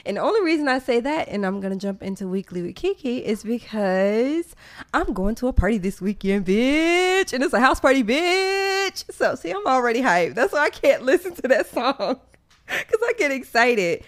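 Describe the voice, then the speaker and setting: A woman hosting a casual podcast, talking in excited, slangy bursts and laughing often. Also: on the high side, fairly quick. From American South. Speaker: podcast host.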